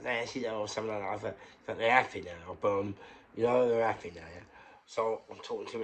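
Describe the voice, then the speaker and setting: Low-voiced London man telling a story. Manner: rambling, emphatic, drops to a whisper when quoting himself. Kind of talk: casual storytelling monologue.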